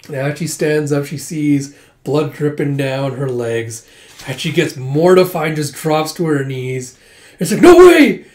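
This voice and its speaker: A man's voice: on the high side, fairly even intonation, a little slow, darkish tone. A man reading through a comic casually, retelling the dialogue with "it's like" and an occasional chuckle. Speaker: manga reader. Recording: echoey room.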